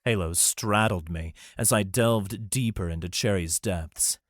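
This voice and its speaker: A man narrating an adult fantasy audiobook in the first person with a low voice. He reads in a steady, even way. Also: a little slow, no room sound.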